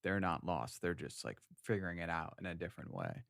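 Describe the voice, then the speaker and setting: A man co-hosting a comedy podcast, chatting casually with a deadpan delivery and drawn-out phrasing. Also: low voice, vocal fry, dry recording, clean studio sound. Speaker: podcast co-host.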